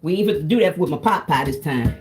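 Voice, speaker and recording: A woman's voice: deep voice, lively intonation, fast, over music. A woman, chatting casually to her viewers while she cooks, calling them "y'all". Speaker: cooking vlogger. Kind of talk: casual cooking vlog chat.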